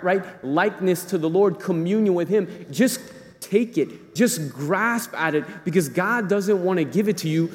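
A man's voice: on the high side, a little mellow. Man preaching in a reverberant hall. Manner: conversational preaching, acts out inner voices. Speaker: priest. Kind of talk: sermon. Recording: long reverb of a large hall.

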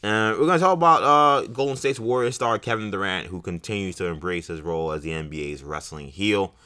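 A man's voice: on the low side, fairly quick, sharp tone, clean tone. A man co-hosting a podcast, talking sports casually and rambling with fillers and restarts. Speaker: podcast co-host.

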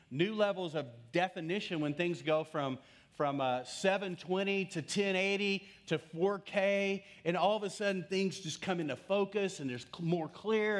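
Animated pastor, middle-aged man. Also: on the high side. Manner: animated, conversational storytelling with frequent restarts. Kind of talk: sermon storytelling.

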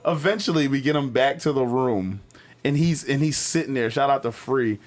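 A man co-hosting a podcast, telling a story in a casual, animated way, often restarting and quoting friends. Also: mid-range voice, normal speed. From Philadelphia. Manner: animated, jumps into quoted voices, frequent restarts. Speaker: podcast co-host.

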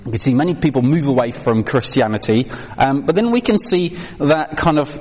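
A man's voice: mid-range voice, lively intonation, fairly quick, slightly rough. A man giving a training talk on children's faith to a live audience, conversational with many fillers and questions to the room. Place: hall with an audience. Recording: reverberant hall.

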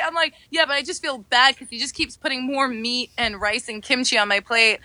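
A woman chatting as a podcast guest, telling animated stories and acting out the people in them. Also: a little fast, hardly any pauses, no room sound. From United States. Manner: animated storyteller, acts out quotes in high voices. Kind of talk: casual chat.

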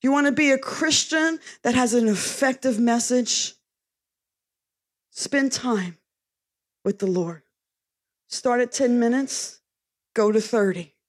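A woman's voice: fairly high pitch, takes it slowly, long pauses. A woman preaching a sermon in a punchy, conversational way, reading scripture aloud between short asides.

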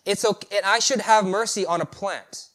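A man's voice: sits high, moderate pace, fairly bright tone. A male preacher voicing God as a patient deity, pressing with pointed rhetorical questions. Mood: pleading.

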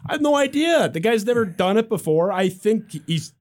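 A man's voice: high-pitched, big pitch swings, normal speed. A male podcast host in casual chat, hedging and thinking aloud. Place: studio.

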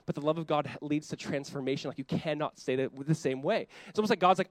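An animated male pastor preaching fast in a high, bright voice, slipping into little acted-out voices and cutting himself off to restart. The sound is dry and close, with no room echo. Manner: animated, acts out quoted voices, self-interrupting. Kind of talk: sermon.

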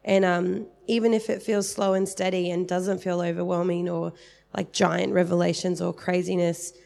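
A woman's voice: fairly low pitch, level tone, moderate pace, vocal fry, darkish tone. A woman in her thirties giving a casual, rambling testimony in church, with many fillers.

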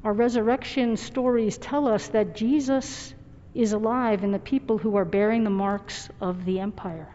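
A woman's voice: medium pitch, steady tone, moderate pace, dark tone. A woman pastor giving a sermon in an earnest, reflective and personal way. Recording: dull recording with long hall reverb.

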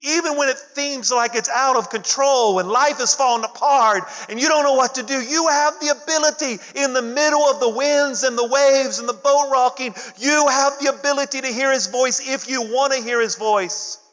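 High-voiced preacher in a reverberant hall. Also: male voice, normal speed, few pauses, fairly bright tone. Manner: preaching with call-and-response to the congregation. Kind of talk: sermon. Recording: dull lo-fi audio with long hall reverb.

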